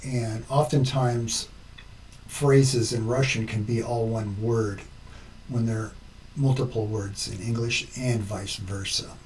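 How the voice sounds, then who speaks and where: Male tutorial host, deliberate and methodical, recorded at a distance with faint background noise. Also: medium pitch, fairly even intonation, darkish tone. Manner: slow, step-by-step explaining. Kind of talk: screen-recorded tutorial narration.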